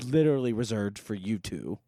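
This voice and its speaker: A man's voice: lowish voice, expressive, fairly quick, dark tone, no echo, studio quality. A man in casual podcast chat, talking in an exasperated, profane way and often breaking into laughter. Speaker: podcast co-host.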